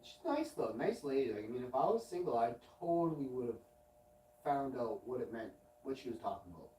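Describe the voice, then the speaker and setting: A man's voice: mid-range voice, very animated, a little fast, warm tone, a little hiss or hum. A man hosting a late-night livestream, telling a long anecdote in a loose, swearing, self-interrupting way. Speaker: livestream host. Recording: roomy and distant from the mic.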